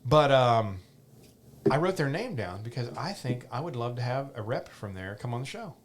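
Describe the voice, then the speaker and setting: A man's voice: medium pitch, sing-song, moderate pace. A middle-aged man hosting a podcast, chatting casually and joking, often repeating himself. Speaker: podcast host. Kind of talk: casual chat. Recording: faint background noise.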